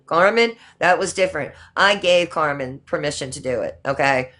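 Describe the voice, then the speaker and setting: Low-voiced indignant woman livestreamer. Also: normal speed, hardly any pauses, a bit bright. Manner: indignant, repeats herself for emphasis. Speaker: livestream host. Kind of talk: casual livestream chat.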